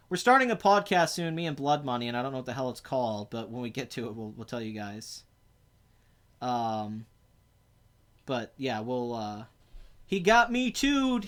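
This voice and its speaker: A young man hosting a casual podcast, rambling and animated as he talks to his viewers and teases his co-host. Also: on the high side. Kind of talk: casual livestream podcast chat.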